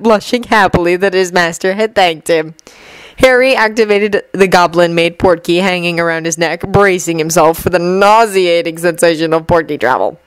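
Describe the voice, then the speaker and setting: A woman narrating a fan fiction audiobook in a steady storytelling manner. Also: mid-range voice, clear, resonant tone, dry recording, low-quality recording.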